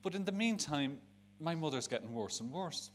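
A man's voice: fairly high pitch, lively intonation, moderate pace. A middle-aged man with a Dublin Irish accent, giving a frank, emotional personal talk to an audience on stage, rambling and restarting his sentences. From Ireland. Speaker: speaker at a charity event. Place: live event on stage.

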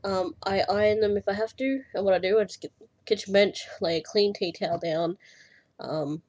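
Young aussie woman rambling about stitching, kinda husky, sounds a bit out of breath, lots of ums. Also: medium pitch, normal speed, darkish tone. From Australia. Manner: rambling, many fillers, self-deprecating. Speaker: cross-stitch vlogger. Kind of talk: casual chat.

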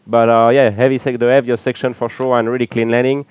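A man with a French accent gives loose, filler-heavy live commentary from a small booth at a beach event. His voice is smooth and clear at a middle pitch. The sound is close and dry. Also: fast talker, no echo, muffled recording. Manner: relaxed, chatty analysis with frequent fillers. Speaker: color commentator.

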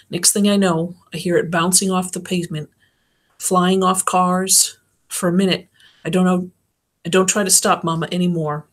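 Low-voiced woman reading a novel. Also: breathy edge. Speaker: audiobook reader. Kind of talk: first-person novel narration.

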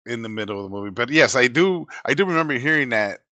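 A man's voice: medium pitch, expressive, quick pace, sharp tone, dry recording. A man co-hosting a podcast review in casual chat, agreeable and explaining plot points. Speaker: podcast co-host reviewing a movie.

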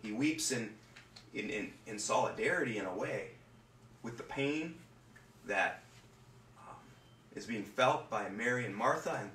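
Earnest pastor in an echoey room. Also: male voice, medium pitch, lively intonation, a bit bright, recorded from a distance. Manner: earnest, halting with repeated words. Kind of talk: scripture reading and sermon. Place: home room. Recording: roomy echo, voice from off-mic, faint room noise.

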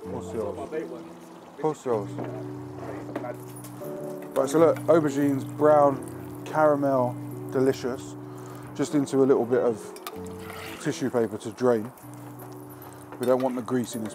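A man's voice: medium pitch, fairly even intonation, normal speed, pauses often, music in the background. Cheeky, sweary man cooking. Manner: cheeky, sweary, talks straight to camera. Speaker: cooking show host. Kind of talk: casual cooking demonstration. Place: outdoor cooking spot with barbecue.

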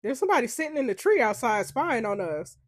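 A woman's voice: a little high, sing-song, quick pace, no echo, clean studio sound, voice pushed down. Woman reading as a caring young boyfriend.

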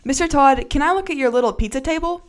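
Girl reader doing a cranky little schoolgirl, goes high and loud, storybook. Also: fast, close to an everyday voice. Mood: eager. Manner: sulky, then eager. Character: grouchy third-grade girl.

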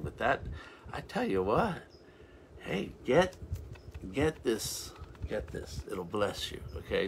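Low-voiced preacher guy rambling through a sermon, lots of restarts and hallelujahs, bit of hiss behind. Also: a bit bright. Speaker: revival minister. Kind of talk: informal sermon talk.

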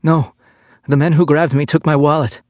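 A man's voice: fairly high pitch, flat delivery, moderate pace, dry recording, voice pushed up, lightly acted. A man voicing a battered, scheming American man who pleads in a strained, raised voice, recorded close and dry. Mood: desperate.

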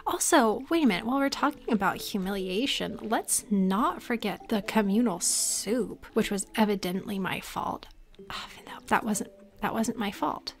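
A woman's voice: medium pitch, normal speed. A young woman narrating her gameplay with sarcastic asides, often dropping to a whisper. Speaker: gaming streamer. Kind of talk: casual let's play commentary. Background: faint game music.

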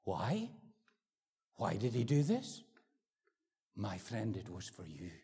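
A Northern Irish man in his fifties preaching an evangelistic sermon, swinging from ringing pleas to hushed near-whispers. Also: fairly low pitch, huge pitch swings, slow pace, creaky, husky. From Northern Ireland. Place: church hall. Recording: echoey hall with long reverb.

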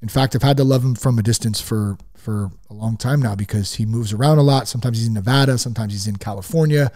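A man's voice: mid-range voice, fast, darkish tone. A man hosting a casual faith-based sobriety podcast, talking in a conversational way and sidetracking into self-mocking jokes. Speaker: podcast host.

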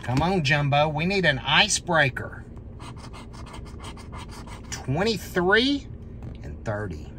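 A scratch-off lottery host, calling out numbers as they scratch and breaking into excited shouts at wins. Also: mid-range voice, slow, long pauses, slight background noise.

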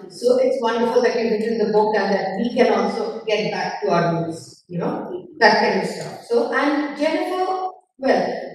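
A woman's voice: fairly high pitch, darkish tone, a little hiss or hum. A middle-aged woman author, talking bluntly and emphatically as a guest at a festival conversation, acting out the people she quotes. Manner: emphatic, blunt storyteller who acts out quotes. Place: festival hall. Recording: echoey hall, voice from far off.

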